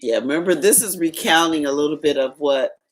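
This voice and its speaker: A woman's voice: low-pitched, a little fast. A woman co-host chiming in casually with short agreements and remarks. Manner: brief agreeing interjections. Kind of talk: casual chat.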